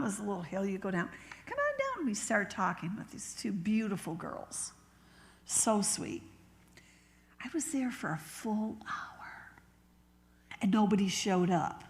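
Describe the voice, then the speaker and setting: A woman bishop preaching a sermon in a conversational, storytelling way, slowing down and dropping to a whisper when she acts out what people said. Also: medium pitch. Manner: laughs easily, talks slowly. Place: church sanctuary. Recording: long reverb of a church hall.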